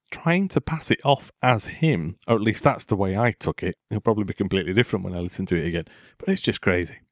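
Man, low voice, casual podcast host, opinionated, dry close sound. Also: dry recording. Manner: chatty, opinionated, laughs often.

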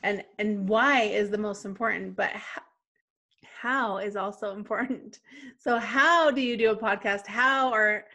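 A woman's voice: mid-range voice, measured pace, pushed and bright. A woman co-hosting a podcast, asking a guest questions in a friendly, breezy way. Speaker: podcast co-host.

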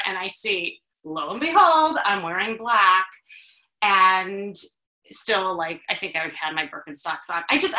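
A woman from Chicago, hosting a talk for women and telling her own story in an animated, confiding way with laughs and restarts. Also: medium pitch, echoey room, low-quality recording. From Chicago, USA. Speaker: host, dating coach. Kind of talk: personal storytelling to an audience of women.

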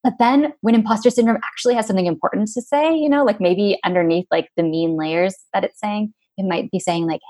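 A woman's voice: mid-range voice, a little fast, few pauses, warm tone. A woman guest in an interview, talking in a reflective, casual way with many fillers.

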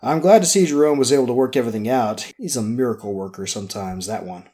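A man's voice: mid-range voice, quick pace, dark tone, lightly acted. A man voicing a pleasant, cautious male boss in an audiobook. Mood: genial. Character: genial male boss, smooth and slightly hollow.

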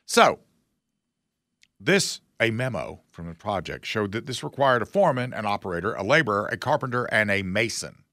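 Gravelly, sarcastic man hosting a talk show. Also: lowish voice, big pitch swings, moderate pace, pushed and bright, no echo, studio quality. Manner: sarcastic, folksy, mocking. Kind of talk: casual political commentary.

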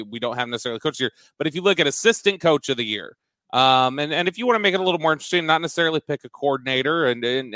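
A man's voice: medium pitch, sharp tone, no room sound. A man co-hosting a casual sports podcast, running through segment picks with frequent restarts. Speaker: podcast co-host.

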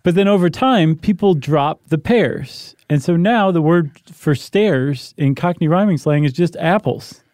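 A man co-hosting a podcast, explaining in a jokey, animated way and firing off rhetorical questions. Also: on the high side, measured pace, few pauses, dry recording, clean studio sound. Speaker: podcast co-host. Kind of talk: casual chat.

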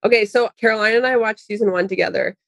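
A young woman co-hosting a casual chat, telling stories fast and casually with swearing. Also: medium pitch, fairly even intonation, gravelly, dry recording. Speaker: podcast co-host.

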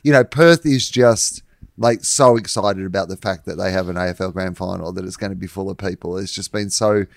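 A young Australian man co-hosting a casual sports podcast in a fairly low voice. He teases his co-host and speaks bluntly, leaning on "like". The recording is close and dry. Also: a little fast, creaky, dry recording. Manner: teasing, blunt, leans on "like".

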